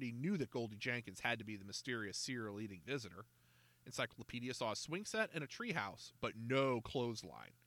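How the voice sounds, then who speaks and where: A man narrating a children's mystery storybook in a lively, expressive reading style. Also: medium pitch, no room sound.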